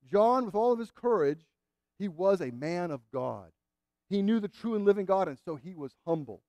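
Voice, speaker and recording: A man's voice: high-pitched, creaky, mellow, no room sound. A man preaching a sermon in an earnest, emphatic way, repeating phrases to drive points home.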